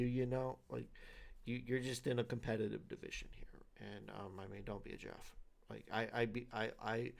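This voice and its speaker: Guy running a league show, rambles and repeats himself a lot, lots of ums, middle pitched voice. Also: creaky. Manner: repetitive, loose, with many fillers and restarts. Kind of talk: casual commentary on league predictions.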